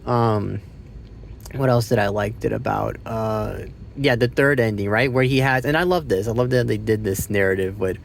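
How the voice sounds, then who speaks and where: This guy's off-the-cuff film review wanders, drifts off track and is full of swearing, turning loud and excited whenever he recounts a scene. He speaks a little fast in a lowish, gravelly voice, with a little hiss or hum behind him.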